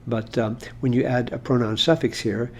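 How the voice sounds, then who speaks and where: A man's voice: medium pitch, fairly even intonation, normal speed, darkish tone, a little hiss or hum. A man explaining Hebrew grammar in an informal lesson, talking it through with fillers and restarts. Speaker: Hebrew teacher.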